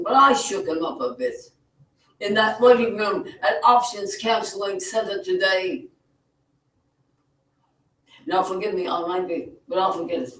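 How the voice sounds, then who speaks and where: A man performing spoken word poetry at an open mic, theatrical, moving from hushed lines to shouting. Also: high voice. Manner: theatrical, swinging from quiet to shouting. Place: cafe venue. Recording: echoey room, mic far off.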